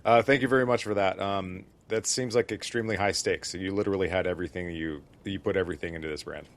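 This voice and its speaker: A man's voice: low-pitched, fairly even intonation, fast talker. A man hosting a podcast interview, blunt and joking, swearing casually while asking questions. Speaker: podcast host.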